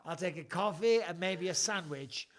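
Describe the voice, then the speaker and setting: Rambling English man, higher voice. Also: moderate pace, crowd noise. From England. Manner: swearing, rambling storyteller. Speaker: podcast host. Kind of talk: casual live chat.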